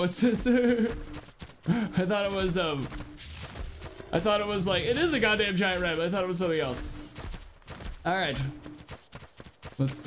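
A young man giving casual, excitable gameplay commentary, swearing often and yelling at his creatures during fights. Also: high-pitched, slight background noise. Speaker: gameplay streamer.

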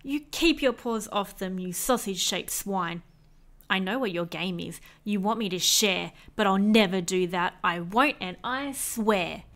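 A woman voicing a greedy, selfish male pug dog who grumbles and shouts in a storybook reading. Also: medium pitch, unhurried. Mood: grumbling.

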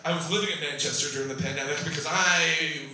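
A man's voice: a little high, steady tone, fast talker. A Canadian man in his thirties doing stand-up crowd work, brash and teasing, swearing freely. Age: 30s. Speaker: stand-up comedian. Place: comedy club stage, live audience. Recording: echoey room, recorded from far, audience noise.

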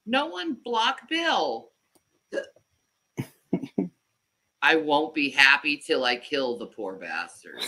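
A woman's voice: sits low, sing-song, slow pace, long pauses, sharp tone. A woman on a live stream, accusing and emotional as she confronts her partner. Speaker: streamer's co-host.

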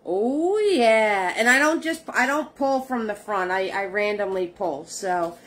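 A woman's voice: mid-range voice, expressive, measured pace, fairly bright tone. A woman leading a live painting tutorial, chatting with her viewers as she works. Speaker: painting instructor.

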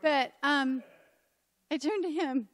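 A woman's voice: sits high, slow pace, dry recording. Woman telling a personal faith story. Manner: lively storytelling, acting out dialogue. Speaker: conference speaker at a church event.

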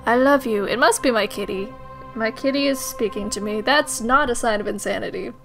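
Giggly high-voiced woman gamer. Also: brisk, creaky, music in the background. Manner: giggly, joking. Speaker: gaming channel host. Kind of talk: let's play commentary.

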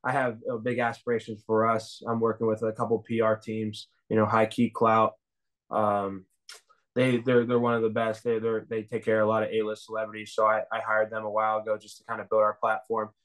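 Young adult man, quick and monotone, rambling interview storyteller. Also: fairly low pitch. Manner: rambling, enthusiastic storytelling with many "you know"s. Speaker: reality show winner, interviewee. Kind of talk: casual interview chat.

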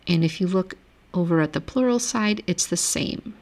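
A woman's voice: on the low side, moderate pace, darkish tone. A woman giving a recorded grammar lecture over a shared screen, patiently reading word lists aloud and explaining each rule step by step. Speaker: language teacher.

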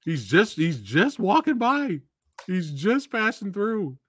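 A young man hosting a casual movie chat, excitedly acting out scenes and quoting lines. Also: slow pace, slightly rough, no echo, studio quality. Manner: excitable, acts out movie lines with big pitch jumps. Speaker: podcast host.

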